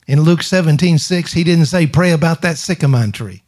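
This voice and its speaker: Emphatic preacher with a higher voice. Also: male voice, moderate pace, darkish tone. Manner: emphatic preaching with call-and-response to the congregation; rhetorical questions and repetition. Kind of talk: sermon.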